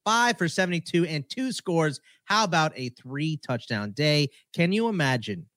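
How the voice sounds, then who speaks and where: Man, podcast co-host, teasing, lively swooping pitch, dry studio sound. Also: normal speed, dry recording. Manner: teasing, punny headline delivery. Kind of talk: casual sports podcast banter.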